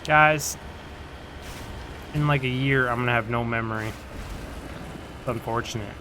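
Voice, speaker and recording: A man's voice: medium pitch, measured pace. Tired rambling gamer man, noisy mic. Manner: rambling, swears, jokes at the game. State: tired, yawning. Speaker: let's play host. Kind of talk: casual gaming commentary.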